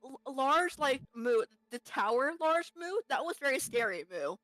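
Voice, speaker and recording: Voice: high-pitched, moderate pace, bright, forceful tone, dry recording, low-quality recording. A player role-playing a tiny calf in a tabletop game, tacking "moo" onto almost every phrase and repeating "like" while thinking. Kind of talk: in-character tabletop role-play.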